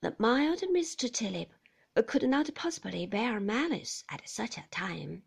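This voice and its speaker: A woman narrating a classic novel as an audiobook, in a hushed delivery that often drops to a breathy whisper. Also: on the high side, big pitch swings, unhurried. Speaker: audiobook reader.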